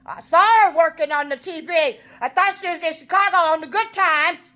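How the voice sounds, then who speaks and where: A woman rambling aloud in a monologue, talking to God and to her auntie, drifting from soft murmurs into loud outbursts. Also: extremely high pitch, normal speed. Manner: talks aloud to God and her auntie, breaking into song snatches.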